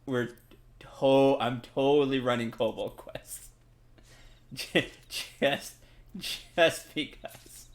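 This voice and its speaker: A man's voice: mid-range voice, fairly even intonation, slow pace. A man streaming a game, chatting casually with his viewers and laughing often. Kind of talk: casual gameplay stream chat.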